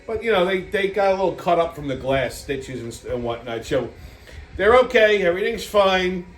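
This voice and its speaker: A man's voice: sits high, lively intonation, normal speed. Brash, foul-mouthed man. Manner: brash, profane, rambling with frequent restarts. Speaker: show host. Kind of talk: casual ranting commentary. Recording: echoey room.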